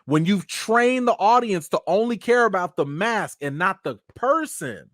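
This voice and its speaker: A man's voice: high voice, lively intonation, a little slow, hardly any pauses, fairly bright tone, dry recording, clean studio sound. A man giving casual live-stream commentary, emphatic and slangy, firing off rhetorical questions.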